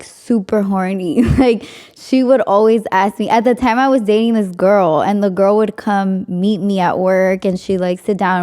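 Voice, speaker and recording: Chatty young woman with a mellow voice. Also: medium pitch. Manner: chatty, frequent "like", laughs often. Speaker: podcast host. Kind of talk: casual storytelling.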